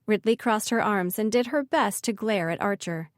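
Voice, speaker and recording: A woman narrating a fantasy audiobook in an even, measured reading. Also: mid-range voice, no echo, studio quality.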